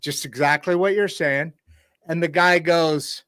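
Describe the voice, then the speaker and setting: A man's voice: fairly high pitch, measured pace, a bit bright, smooth, no room sound, clean studio sound. A man hosting an interview, who talks in rambling stretches full of restarts and is moved while retelling a story. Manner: rambling, with many restarts and false starts. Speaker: podcast host. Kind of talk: conversational interview.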